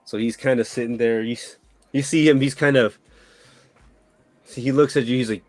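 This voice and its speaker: A man's voice: mid-range voice, steady tone, moderate pace, long pauses, dry recording, soft background music. A man running a tabletop game as dungeon master, narrating in a rambling way with many restarts.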